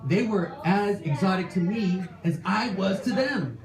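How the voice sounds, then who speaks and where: A man in his late thirties telling a self-deprecating personal story live on stage, animated and exasperated in places. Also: sits high, unhurried, a crowd in the background. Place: stage before a live audience. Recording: echoey room, faint ambience.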